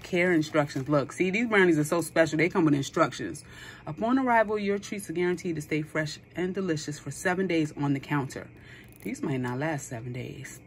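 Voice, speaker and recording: A young woman vlogger tells a story casually and with animation, peppering it with exclamations and playful slang. Her voice is low-pitched, and there's a slight hiss or hum in the recording.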